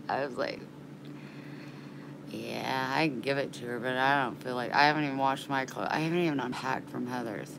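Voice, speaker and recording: A woman's voice: rumbling low, moderate pace, creaky, noisy background. A woman chatting in a casual vlog, rambling and frank, getting worked up and indignant, with casual swearing. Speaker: vlogger.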